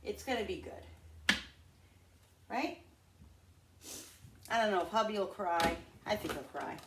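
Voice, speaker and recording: Middle-aged woman, chatty home-cooking vlogger, heard from across a roomy kitchen with steady noise behind her. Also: mid-range voice, measured pace. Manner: chatty, thinks aloud, addresses viewers as guys. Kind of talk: casual chat while cooking. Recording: echoey, distant, noisy kitchen.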